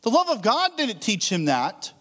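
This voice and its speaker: A man's voice: high-pitched, wildly swooping pitch, normal speed, fairly bright tone. A man preaching a sermon as a pastor, telling stories in a casual way with frequent restarts. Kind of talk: conversational sermon.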